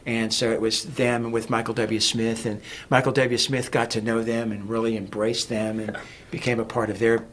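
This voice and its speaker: A man's voice: medium pitch, little pitch movement, normal speed, few pauses, fairly bright tone, a little hiss or hum. A man talking as a guest in a casual interview, rambling with many fillers and restarts. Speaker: guest, music producer.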